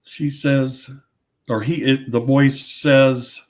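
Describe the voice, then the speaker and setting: Male interview guest, unhurried delivery, mid pitch, rambling with frequent self-corrections. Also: level tone, darkish tone. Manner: rambling, restarts and corrects himself. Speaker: audio researcher, interview guest. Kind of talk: casual interview talk.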